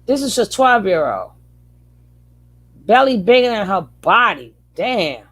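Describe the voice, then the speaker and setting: Raspy lady reacting to a clip, teasing and wry, laughs at her own jokes. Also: medium pitch, big pitch swings, measured pace. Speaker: reaction video host. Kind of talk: reaction commentary.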